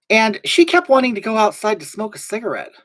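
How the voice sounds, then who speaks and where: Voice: big pitch swings, moderate pace, fairly bright tone, no room sound, low-quality recording. A drag performer hosting a casual livestream, reading viewer comments aloud and telling blunt backstage gossip. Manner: gossipy, blunt storytelling with big swings in pitch.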